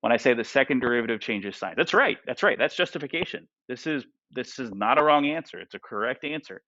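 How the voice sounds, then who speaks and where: A man's voice: mid-range voice, expressive, fast, fairly bright tone, no room sound, lo-fi sound. A male math teacher lecturing a class. He asks the students lots of questions and keeps checking in with "right?" and "okay?".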